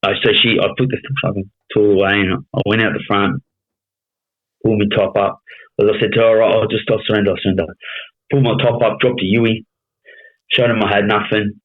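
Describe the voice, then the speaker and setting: Speaking flatly and fairly quickly, a thirty-something Australian man with a broad accent shares his story as a guest on a laid-back podcast. He's blunt, swears a lot, and repeatedly asks "you know what I mean." His voice is fairly low, and the sound is narrow and tinny, like a phone line.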